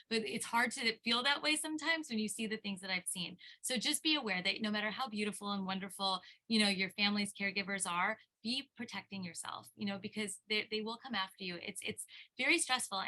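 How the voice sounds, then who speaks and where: With a mid-range, pushed and bright voice, a middle-aged elder law attorney addresses a seminar passionately. Her storytelling stumbles through frequent restarts and repetitions.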